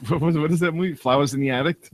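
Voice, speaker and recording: A man co-hosting a casual talk show, firing quick, excitable questions. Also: a little high, no echo. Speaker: co-host. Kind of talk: casual podcast banter.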